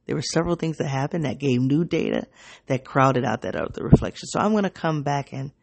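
A woman hosting her own podcast, speaking in an introspective, halting, emotionally raw personal reflection. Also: very deep voice, animated, gravelly, a little mellow, slightly rough, no room sound. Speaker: podcast host.

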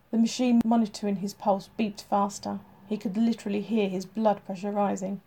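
Woman narrating with a gravelly, warm voice. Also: medium pitch, little pitch movement, moderate pace, hardly any pauses. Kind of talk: audiobook narration.

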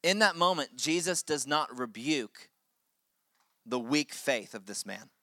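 A man's voice: medium pitch, lively intonation, a little slow, bright, forceful tone, no echo. A man preaching a sermon as pastor, with impassioned delivery that swells and drops for emphasis.

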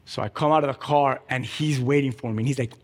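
A man preaching a sermon, emphatic and energetic, telling a story with lively quoted voices. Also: medium pitch, quick pace, long reverb tail, slight background noise. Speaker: pastor.

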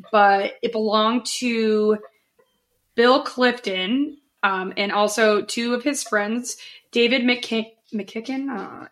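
Casual woman co-host, chatty storyteller, mid-pitched. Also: fairly bright tone. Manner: chatty, loose, with frequent fillers and laughs. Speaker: podcast co-host. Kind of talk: casual chat, storytelling a news case.

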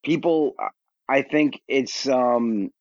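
A man who works as a stand-up comedian tells blunt, self-mocking stories as a podcast guest. His voice sits at a middling pitch. The recording is dry and a little dull, with a lo-fi edge. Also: no echo. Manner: blunt, self-deprecating, quick to get defensive. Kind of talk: candid podcast storytelling.

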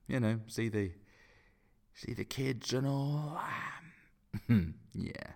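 A man's voice: medium pitch, very slow, creaky, pauses often, warm tone. A man performing a scripted comedy sketch in a flustered, stammering way. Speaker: comedy podcast regular.

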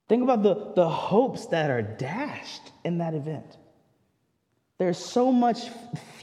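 A male pastor preaching a sermon in a conversational way, swinging from loud declarations down to a near hush. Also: high-pitched, slow, big-room sound. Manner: animated preaching, swells loud then drops to near hush; conversational asides, repeats words as he goes. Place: church sanctuary.

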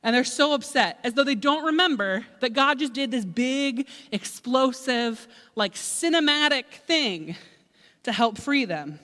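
A woman preacher retelling scripture as a casual, animated sermon, chatty and full of asides. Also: high voice, a little slow. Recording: echoey hall.

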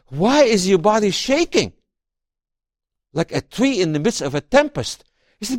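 A man, an author and guest, talking about his book in an interview and reading passages aloud, expressive and often repeating words as he starts sentences. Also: high-pitched, normal speed, long pauses, dry recording, studio quality.

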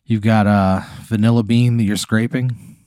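A man's voice: on the low side, steady tone, moderate pace, dark tone, clear, resonant tone, dry recording, studio quality. A man hosting a podcast, spinning a laid-back, profane improvised story in the second person. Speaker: podcast host.

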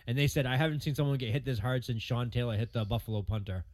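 A man in his thirties co-hosting a podcast, bantering in relaxed casual chat and chiming in with short remarks. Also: medium pitch, quick pace, no echo. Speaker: podcast co-host.

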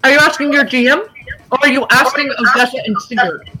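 A young woman runs a tabletop game with a bright, forceful voice set a little high. She narrates in a casual, playful way and laughs easily, with faint music under her. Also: fast talker, rough recording. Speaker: game master.

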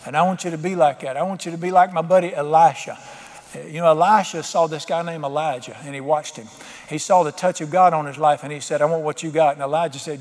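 High-voiced preacher in a reverberant hall. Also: male voice. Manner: storytelling preacher, rising to fervent emphasis. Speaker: pastor. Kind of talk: sermon.

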